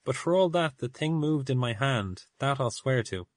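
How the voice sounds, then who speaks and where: A man voicing an elderly father in a storybook reading, insistent and halting. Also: medium pitch, lively intonation, no echo, pitched above the performer's own voice, lightly acted. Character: elderly father, stubborn then dazed.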